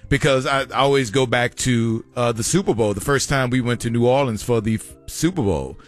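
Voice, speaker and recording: A man, co-hosting a casual chat and telling stories with animated quoted asides. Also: mid-range voice, moderate pace. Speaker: podcast co-host.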